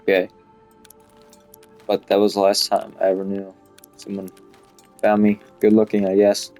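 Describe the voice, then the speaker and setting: A man's voice: lowish voice, monotone, normal speed, a little mellow, soft background music. A young man telling a story in a rambling, casual way, with lots of swearing and filler "like". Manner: rambling, swears a lot, heavy use of "like". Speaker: vlogger.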